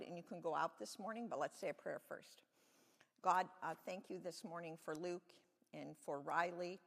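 Animated children's sermon storyteller, gravelly. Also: medium pitch. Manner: animated, conversational, asks the children questions. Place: church sanctuary. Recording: echoey church sanctuary.

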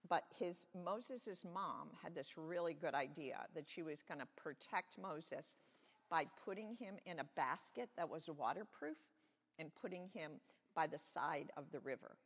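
A children's-sermon leader in a church telling a Bible story in an animated, conversational way and asking the children questions. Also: medium pitch, a little slow. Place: church sanctuary. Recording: echoey church sanctuary.

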